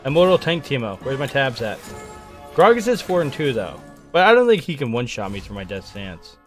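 A young man giving playful, excitable live commentary on his own video game match, trash-talking and hyping himself up. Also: medium pitch, a little fast, faint music behind. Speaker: gaming streamer.

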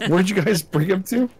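A man's voice: sits high, slight background noise. A middle-aged man hosting a co-op game stream, chatting casually and singing snatches of songs. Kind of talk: casual gaming chat.

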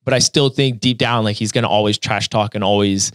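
A man talking as a guest on a podcast, relaxed and joking in casual chat. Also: lowish voice, fairly quick, no echo, clean studio sound. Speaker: podcast guest, competitive athlete.

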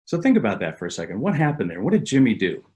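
A man's voice: medium pitch, huge pitch swings, fast talker, darkish tone. A man presenting a business webinar as a sales consultant, talking conversationally and repeating words as he goes. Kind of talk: business webinar talk with anecdotes.

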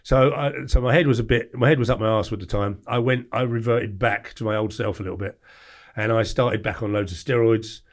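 Fast-talking man in his forties, animated storyteller. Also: fairly low pitch. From England. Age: 40s. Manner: blunt, animated storyteller who acts out quoted lines. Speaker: podcast guest. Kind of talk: storytelling interview.

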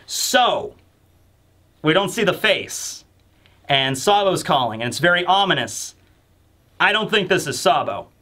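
A chatty man recapping a manga chapter in a loose, rambling way. His voice sits a bit higher than most men's, and he keeps things casual with plenty of filler words. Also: big pitch swings, unhurried, pauses often, sharp tone. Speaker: manga review host.

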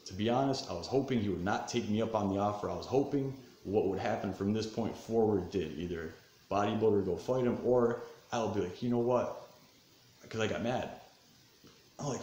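A man in his thirties telling a rough personal story in a casual, profane way, getting heated and then calming down, recorded at home in his living room. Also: lowish voice, a little fast. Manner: profane, animated, swings between fired-up and subdued. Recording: roomy echo, faint background noise.

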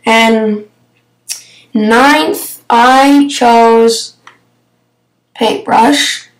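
A young female vlogger chats about her favourite apps in a hesitant, filler-heavy way. Her voice sits a little high, and she talks slowly. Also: steady tone, rough recording. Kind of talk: casual app review.

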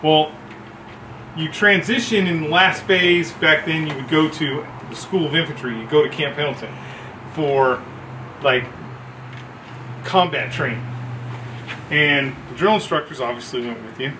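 A man telling a profane story about boot camp among coworkers, acting out shouts as he goes. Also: on the high side, unhurried, pauses often, echoey room, noisy background. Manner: animated, swearing, acts out shouts. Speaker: former Marine telling a story.

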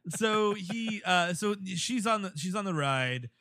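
A man's voice: sits high, unhurried, dry recording, studio quality. A man co-hosting a comedy podcast, telling stories casually and acting out the people in them. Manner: animated storyteller acting out scenes. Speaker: podcast co-host.

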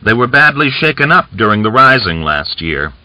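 A man's voice: fairly low pitch, sing-song, moderate pace, pushed and bright, pitched above the performer's own voice, exaggerated voice. A man reading aloud, voicing a scheming, boastful Cossack rebel leader who talks with coaxing, smug confidence, on a dull lo-fi recording.

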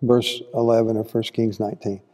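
His voice is on the low side and dark, delivered flatly and fairly quickly, with a long reverb tail. He teaches a folksy, conversational Bible class in a church hall, asking the listeners questions and acting out quotes.

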